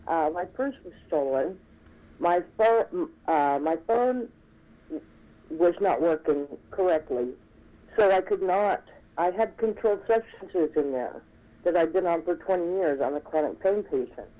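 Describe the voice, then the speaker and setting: A woman in her fifties calling in to a talk show, speaking haltingly with stumbles. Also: on the low side, animated, dark tone. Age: 50s. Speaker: caller. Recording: muffled phone line.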